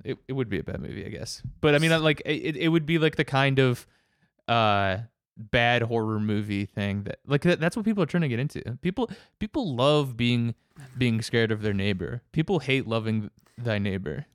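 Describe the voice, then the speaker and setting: Man, casual chat, rambling storyteller, smooth clear voice, dry close sound. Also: medium pitch, lively intonation, moderate pace, no echo. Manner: rambling storyteller, many restarts, laughs often.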